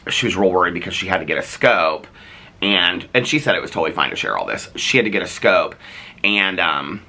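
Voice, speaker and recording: Male daily vlogger, deep voice with a sharp, bright edge, loose rambling chat. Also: expressive, a little fast. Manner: rambling, chatty, frequent fillers and restarts. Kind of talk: casual chat to camera.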